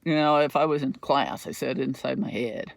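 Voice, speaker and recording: A man's voice: medium pitch, fairly quick, creaky, no echo. A middle-aged man hosting a podcast, telling a rambling story in a casual, profane monologue. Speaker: podcast host.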